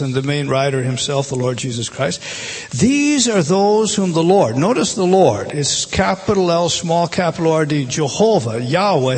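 A man's voice: fairly high pitch, breathy edge. A middle-aged man preaching a conversational Bible-teaching sermon, asking his listeners rhetorical questions and reading scripture aloud with feeling.

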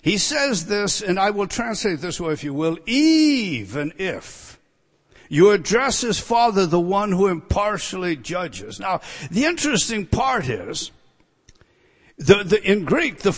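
A high-pitched man preaches with heavy emphasis, punching key words and then sinking into hushed asides. His voice rings through a large hall with a long reverb tail. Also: very animated, measured pace. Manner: emphatic, drops to quiet asides. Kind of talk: expository sermon.

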